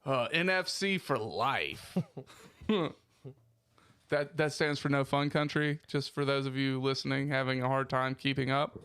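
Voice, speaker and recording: A man's voice: mid-range voice, measured pace, a bit bright, clear, resonant tone, no echo. A man co-hosting a podcast in casual banter, joking around and laughing often. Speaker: podcast co-host.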